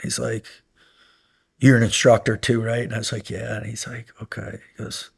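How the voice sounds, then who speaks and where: This middle-aged former SEAL instructor has a medium-pitched voice with a creaky, breathy edge and talks at normal speed. As a podcast guest in a casual interview, he rambles through anecdotes heavy with fillers, cursing and getting animated as he recounts yelling.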